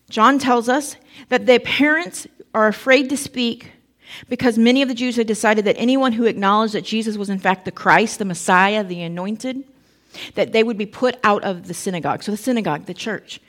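A woman's voice: medium pitch, moderate pace, fairly bright tone. A woman preaching a sermon in a conversational storytelling way, acting out the voices of the people in the story.

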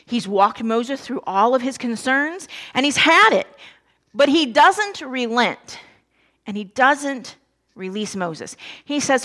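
A woman preaching a sermon in a relaxed, conversational way, telling the story with lively asides to her listeners. Her voice sits a little high. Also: takes it slowly.

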